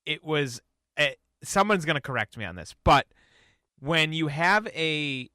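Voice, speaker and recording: Bright-voiced man rambling on a podcast. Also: a little high, expressive, measured pace, no echo. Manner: rambling, hesitant, laughs easily. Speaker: podcast co-host. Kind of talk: casual chat.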